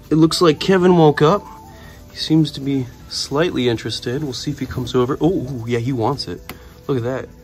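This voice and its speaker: An enthusiastic man narrates his snake-keeping chores in a relaxed vlog voice. He talks to the animals as he works and lowers his voice near them. Music runs clearly behind him. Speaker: reptile keeper and show host. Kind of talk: casual vlog narration while working.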